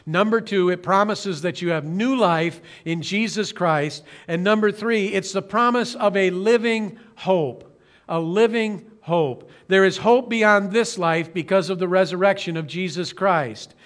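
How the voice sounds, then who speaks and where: Male pastor with a higher-pitched voice, earnest and slow-phrased sermon delivery, occasional self-corrections. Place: church streaming service.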